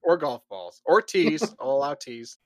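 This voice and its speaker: A man in casual podcast chat, trading quick, teasing banter. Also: on the high side, big pitch swings, a little mellow, dry recording. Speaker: podcast co-host.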